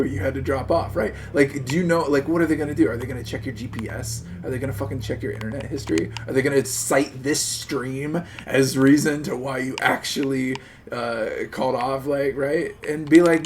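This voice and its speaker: A male streamer chatting live and talking his friend into a plan, animated and persuasive, with plenty of swearing. His voice sits at an ordinary pitch for a man. A faint hiss runs under the recording. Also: fairly quick, few pauses. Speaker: streamer host. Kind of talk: casual chat on a live stream.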